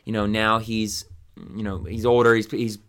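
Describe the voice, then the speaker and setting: A man's voice: fairly low pitch, level tone, normal speed, fairly bright tone, smooth. Man rambling through a Bible study. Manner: rambling, many fillers and restarts. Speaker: podcast Bible study host. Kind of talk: conversational Bible teaching.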